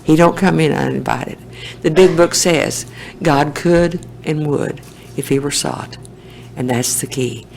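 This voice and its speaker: A woman gives a personal testimony at a recovery meeting. Her voice is gravelly, and she tells her story in a plain, homespun way. A faint hiss sits behind her. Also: low voice, unhurried, darkish tone, poor audio.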